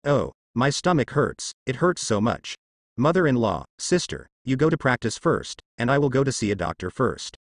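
A man's voice: mid-range voice, very animated, normal speed, no echo, studio quality. A man voicing a scheming younger sister in a storybook, with a whining, wheedling delivery. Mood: fake pain.

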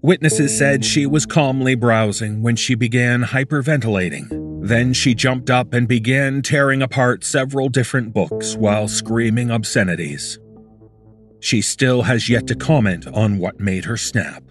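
A man narrating a horror story in a measured, documentary-like scripted voice. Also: mid-range voice, music in the background.

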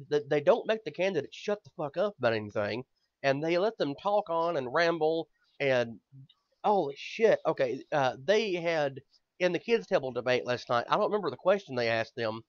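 A man's voice: a little high, lively intonation, normal speed, no echo, highs cut off. A man hosting a podcast in casual chat, rambling and swearing, often stammering as he builds up steam. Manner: rambling, profane, stammers when worked up. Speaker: podcast host.

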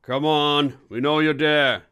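A man's voice: on the high side, fairly even intonation, takes it slowly, fairly bright tone, smooth, pitched above the performer's own voice. A man voicing a stern, commanding police inspector with a dry wit in an audiobook.

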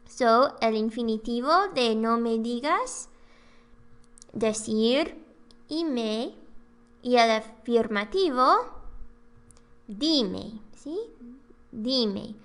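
A woman tutor runs through a language lesson, repeating each example phrase slowly and deliberately. Her voice is a bit higher than most and sounds bright and smooth. She keeps an unhurried, measured pace throughout. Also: animated. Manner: slow, careful enunciation of example phrases. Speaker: Spanish tutor.

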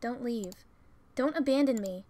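A woman's voice: fairly high pitch, measured pace, warm tone. A woman voicing a feverish, clingy young man who speaks in a weak, faltering murmur. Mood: pleading. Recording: faint music behind.

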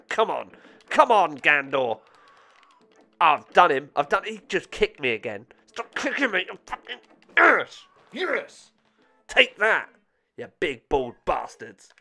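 Brief: male gamer, lively up-and-down delivery, swears, laughs at himself, faint game music behind. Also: on the high side. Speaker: gaming channel host. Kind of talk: let's-play commentary.

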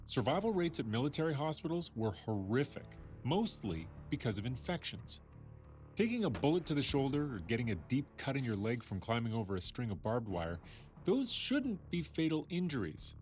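A man's voice: mid-range voice, very animated, moderate pace, a little mellow, faint music behind. A man hosting a science show, telling a story in a playful, chatty way that speaks straight to the listener. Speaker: host.

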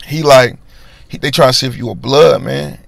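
A man with a gravelly, fry-edged voice at an ordinary pitch tells a personal story. He talks loosely and in slang, slipping into other people's voices as he goes. The sound is dry and close, with no room around it. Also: normal speed, no echo. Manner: animated, slangy, acts out voices in his story. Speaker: podcast host telling a personal story. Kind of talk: casual storytelling monologue.

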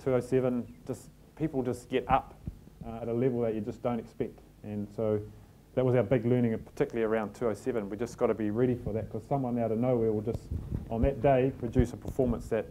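A man's voice: mid-range voice, fairly even intonation, fast talker, mellow, slight background noise. A middle-aged man with a New Zealand accent, giving a live talk to an audience and telling stories with self-deprecating humour. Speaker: team manager giving a talk. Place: packed function room.

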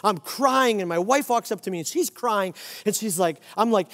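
Man preaching, lively, in a reverberant hall. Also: sits high, normal speed. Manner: emphatic preaching with repeated declarations. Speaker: pastor. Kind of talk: sermon. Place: church sanctuary. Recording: long reverb of a church hall.

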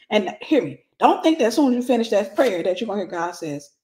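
A middle-aged woman giving a lively, conversational sermon, acting out little scenes and laughing as she teaches. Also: medium pitch, fast, few pauses. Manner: animated, acts out gossip with voices, laughs. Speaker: Christian teacher.

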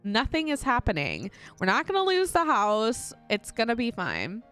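A woman voicing an easygoing young husband in a life-sim game, calmly reassuring his wife. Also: fairly high pitch, normal speed, faint music behind. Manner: calm, reassuring.

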